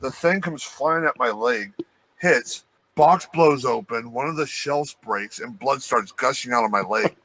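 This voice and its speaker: A man co-hosting a podcast, telling a profane, animated work story in casual chat. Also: medium pitch, measured pace, no echo, rough recording. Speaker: podcast co-host.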